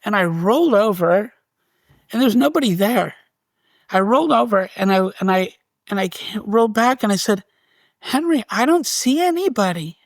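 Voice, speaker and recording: A man, a guest on an interview show, telling a story in an animated way and acting out what was said. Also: high voice, moderate pace, gravelly, dry recording. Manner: animated, restarts and reenacts dialogue. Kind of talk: storytelling in conversation.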